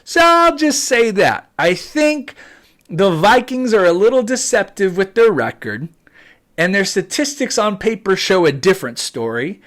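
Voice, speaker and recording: A young man hosts his own sports fan channel and talks through a pre-game prediction in a casual monologue. His pitch swings widely up and down as he pushes his points. He repeats himself with emphasis and at times nearly pleads. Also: sing-song, measured pace, fairly bright tone.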